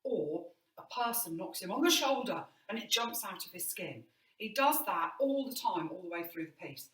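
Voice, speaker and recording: A woman's voice: mid-range voice, animated, normal speed, fairly bright tone. A woman drama teacher giving an online movement lesson indoors, encouraging and demonstrating as she explains. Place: indoor room. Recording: roomy, mic at a distance.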